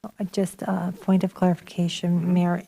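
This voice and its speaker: A woman's voice: lowish voice, completely flat delivery, normal speed, creaky, mellow, slightly rough. A woman acting as city clerk, making businesslike procedural announcements during a council meeting.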